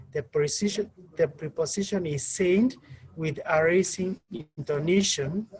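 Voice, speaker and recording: Man, teacher, online lesson, slightly raised pitch, faint noise. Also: a little mellow, poor audio. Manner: calls on students by name, asks questions. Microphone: video call.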